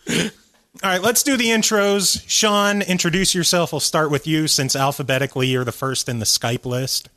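A man's voice: a little high, steady tone, moderate pace, bright, forceful tone. A man co-hosting a podcast, leading the introductions with casual, profane joking. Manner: swears freely and leads the introductions. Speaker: podcast co-host.

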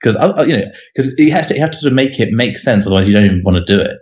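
A man's voice: mid-range voice, lively intonation, very fast, darkish tone, highs cut off. A man being interviewed as a game developer, talking casually and rambling with lots of "you know" and restarts.

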